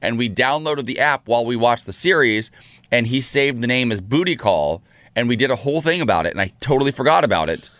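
A man in his thirties co-hosting a casual chat show, telling stories with lively acted-out quotes. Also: mid-range voice, quick pace, no echo. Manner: animated storytelling, acts out quotes. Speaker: co-host.

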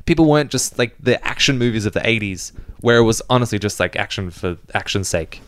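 A man's voice: on the low side, fairly quick. A man co-hosting a casual film podcast, laughing often as he tells stories. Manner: laughs often, animated storytelling. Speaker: podcast co-host. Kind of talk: casual chat.

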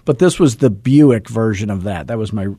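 A man in his sixties with a husky, lowish voice speaks at a moderate pace on a dry recording. He's a real estate coach telling a self-deprecating story on a call, animatedly acting out the dialogue and chuckling often.

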